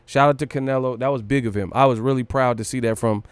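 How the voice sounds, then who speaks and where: A man's voice: mid-range voice, steady tone, fast talker, clear, resonant tone, no echo. A man from California hosting a boxing livestream, brash and profane, riffing hard and breaking into laughter and sung lines. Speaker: boxing stream host. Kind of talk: casual livestream rant.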